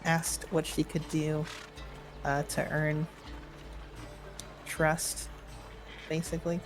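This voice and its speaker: A woman's voice: low-pitched, level tone, slow, over music. A woman, a player in a tabletop game, summarizing in a self-deprecating, easygoing way. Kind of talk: casual chat.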